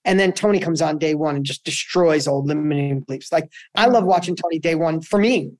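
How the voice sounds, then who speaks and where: A middle-aged man, a guest entrepreneur, telling a story in a conversational interview, energetic and full of restarts and repeats. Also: a little high, brisk.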